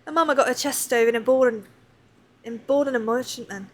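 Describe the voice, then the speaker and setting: A woman's voice: a little high, fairly quick, natural voice. A woman voicing a chatty, fond old pirate crewmate in a salty sailor's dialect while reading game dialogue aloud. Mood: wistful.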